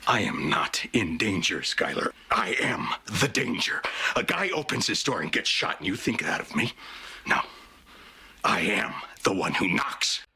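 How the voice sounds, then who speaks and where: Menacing crime boss, played by a man, deep, gravelly and raspy. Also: sing-song, a little slow, heavily acted. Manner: cold, threatening, hushed. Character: menacing middle-aged male drug kingpin.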